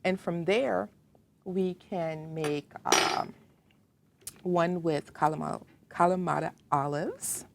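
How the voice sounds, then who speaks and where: A woman with a Southern accent leads a home cooking demonstration, talking slowly and warmly to the viewer in her own kitchen. Her voice sits a little low, and she chats along as she works. Faint background noise comes through the recording. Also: steady tone, vocal fry. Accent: Southern American. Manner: chatty, talks to the viewer while working. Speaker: cooking show host.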